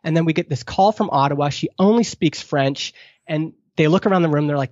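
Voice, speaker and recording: Animated man acting out quotes. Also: fast talker, dry recording. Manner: acts out quoted questions, pitch jumping up. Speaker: podcast guest, product marketer. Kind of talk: animated advice-giving in conversation. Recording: dull lo-fi dry sound.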